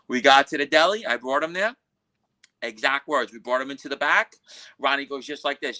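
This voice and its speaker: A man from Queens, telling a story as a podcast guest in a profane, animated way and acting out what others said. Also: medium pitch, a little fast. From Queens, New York. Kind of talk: casual storytelling.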